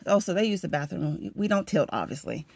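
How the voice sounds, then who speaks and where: Gravelly low-voiced woman telling a story. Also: fairly quick, background noise. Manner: animated, dramatic storytelling with laughs. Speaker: vlogger. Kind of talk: casual storytelling chat. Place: at home getting ready for work.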